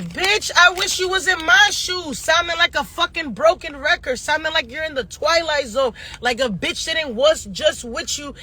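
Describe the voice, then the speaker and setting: A woman giving a casual astrology reading who talks bluntly and profanely, going off on fast-ranting tangents. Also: high-pitched, bright, forceful tone, a little hiss or hum. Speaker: astrologer and tarot reader.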